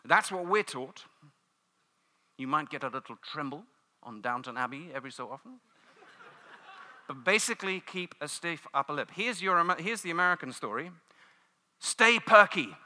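A British man delivers a sermon, storytelling with playful asides. His voice is bright and sharp, sits a little high for a man, and swings widely in pitch. The long reverb of a church hall trails after his words. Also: moderate pace, long pauses. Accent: British English. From United Kingdom. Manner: animated storytelling, mimics cheering crowds. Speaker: preacher.

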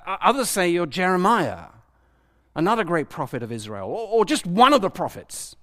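A man preaches with a lively, swooping delivery and a voice pitched a little high. He puts questions to the congregation and acts out the voices of the people he quotes. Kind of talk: sermon.

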